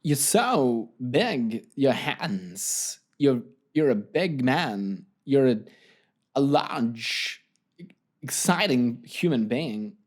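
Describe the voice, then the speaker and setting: A man doing a comic impression of an older film actor, with slow, oddly stressed, halting delivery. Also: medium pitch, big pitch swings, heavily acted. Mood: gushing.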